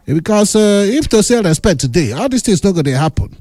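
A man's voice: high voice, fairly quick, no echo, studio quality. A middle-aged man with a Nigerian accent, hosting a casual radio show, reading out listener messages with teasing asides. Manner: teasing, animated, mixes in Pidgin. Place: radio studio.

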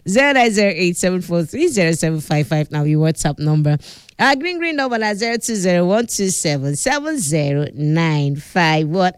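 A woman's voice: on the low side, very animated, normal speed, clear, resonant tone, dry recording. A woman with a Nigerian accent hosting a radio cooking talk, chatty and instructive, laughing often as she talks. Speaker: radio host.

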